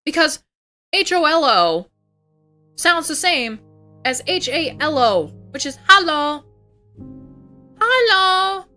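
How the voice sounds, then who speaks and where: A woman's voice: on the high side, fairly bright tone. A young woman streaming as a VTuber, ranting in a casual, profane, heated way and slipping into mocking voices. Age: young adult. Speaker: VTuber livestreamer. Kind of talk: casual ranting livestream chat.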